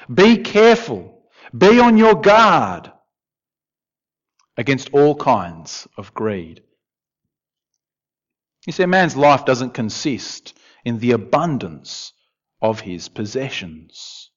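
A man preaching a sermon in a conversational, animated way, with asides to the congregation. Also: mid-range voice. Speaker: pastor. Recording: dull, lo-fi sound.

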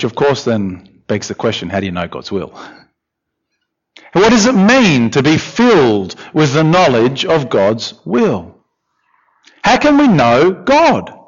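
A man preaching a sermon, expressive, with questions and repeated emphatic lines. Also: fairly high pitch. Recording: dull lo-fi recording.

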